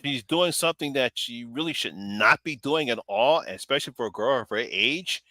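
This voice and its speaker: A man's voice: mid-range voice, animated, moderate pace, pushed and bright, dry recording. A man hosting a casual live stream chat about a horror film, rambling and laughing often.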